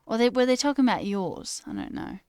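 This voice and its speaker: A woman's voice: on the high side, big pitch swings, fairly quick, warm tone, clean tone, no echo, clean studio sound. A woman hosting a casual livestream, asking curious questions and laughing often. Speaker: streamer host learning.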